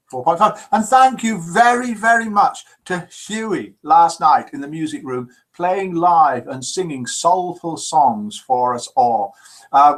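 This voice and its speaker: A man hosting a live call-in show, in a jokey, lively manner, chatting and reading out listener messages. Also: mid-range voice.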